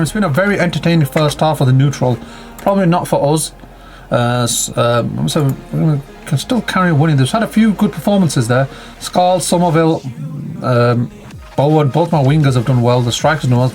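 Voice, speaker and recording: A man's voice: mid-range voice, darkish tone. A man giving casual, chatty commentary on a football management game, reacting to each play and calling out his players.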